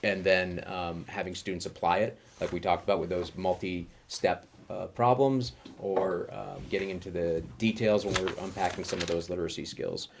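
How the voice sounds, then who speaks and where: A man, a school administrator, presenting data at a board meeting, talking quickly with many ums and restarts. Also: low voice, fairly even intonation, creaky, slight background noise. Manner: rushed, heavy with fillers and restarts.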